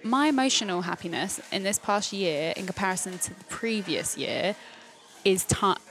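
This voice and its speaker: A young woman speaks as a podcast guest, open and animated about her dancing career. She talks in a loose conversational way, swearing freely, at a middle pitch. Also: normal speed, soft background music, low-quality recording. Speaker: guest, professional dancer.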